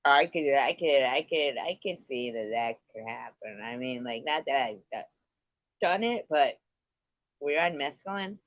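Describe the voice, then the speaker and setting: A woman's voice: rumbling low, lively intonation, unhurried, no room sound. A woman drawls through a casual livestream story, swearing freely and breaking into laughter along the way. Her voice is dry and close, with no room around it, and it comes through a dull, slightly muffled stream mic. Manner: profane, laughing often while recounting stories. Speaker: livestream host. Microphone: computer mic on a streaming call.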